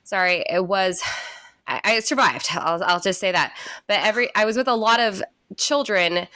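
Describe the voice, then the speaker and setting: A woman's voice: medium pitch, moderate pace, bright, forceful tone, no echo, studio quality. A woman in her thirties co-hosting a podcast in casual chat, nasal and stuffy from a cold, telling stories with laughs. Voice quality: stuffy, plugged nose. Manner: chatty, laughing storyteller. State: sick with a cold. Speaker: podcast co-host.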